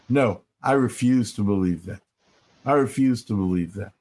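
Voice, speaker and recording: A man's voice: lowish voice, a little mellow. Earnest older man telling stories. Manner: earnest, storytelling, slows for emphasis. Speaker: rabbi, guest speaker. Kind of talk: reflective interview talk.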